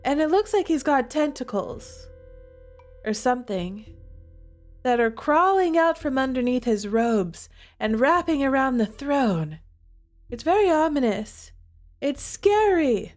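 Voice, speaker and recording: A woman streamer reading a dark visual novel aloud, chatty and dramatic between lines. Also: on the high side, a little slow, soft background music. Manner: chatty, animated, dramatic narration. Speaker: game streamer.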